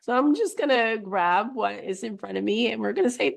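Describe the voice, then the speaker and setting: Gravelly-voiced woman giving an energy reading. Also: on the high side, a little fast. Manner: earnest, reassuring, repeats phrases. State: voice worn from a cold. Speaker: spiritual energy coach. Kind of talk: monthly energy reading vlog.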